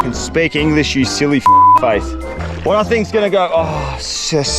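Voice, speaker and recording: A man talks to camera on a remote beach in a high voice that swings up and down. He is excitable, laughs a lot and curses at himself, with music under him. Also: moderate pace, creaky. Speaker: survival and fishing vlogger. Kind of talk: casual talk to camera outdoors. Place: outdoors on a remote island beach.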